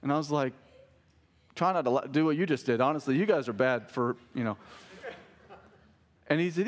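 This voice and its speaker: The voice is a little high, at a normal speed but with long pauses. It belongs to a man in his thirties preaching as a pastor in a conversational style, weaving in family anecdotes and self-corrected jokes with his congregation.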